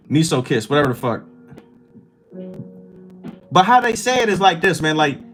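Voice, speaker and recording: A man with a somewhat high voice streams live, talking off the cuff to his chat. He rambles and swears freely in a loose, casual way. Soft music plays faintly underneath. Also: low-quality recording. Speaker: livestream host.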